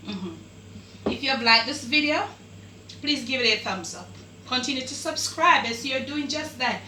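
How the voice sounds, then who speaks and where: A woman with a Jamaican accent hosts a cooking video in her home kitchen, chatty and full of exclamations. Her voice is high and bright. The camera mic sits some distance off in an echoey room. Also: animated, slow, pauses often, slight background noise. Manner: chatty, exclaims while tasting. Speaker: cooking channel host. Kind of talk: casual cooking demonstration.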